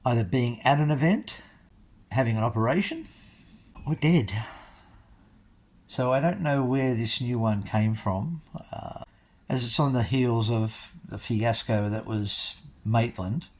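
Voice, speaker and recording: An older man in his sixties rambles through a casual vlog story, slipping in self-mocking asides to the viewer. His voice is husky and breathy, and his pitch sits at an ordinary middle level for a man. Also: unhurried, a little mellow. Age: 60s. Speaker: vlogger.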